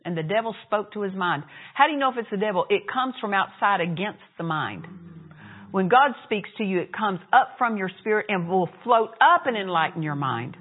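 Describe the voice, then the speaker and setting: A woman preaching a sermon, her voice sitting at a middle pitch. She acts out laughs and quoted dialogue as she tells her story. The sound is thin and narrow, like a phone line. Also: lively intonation, fairly quick, slightly rough.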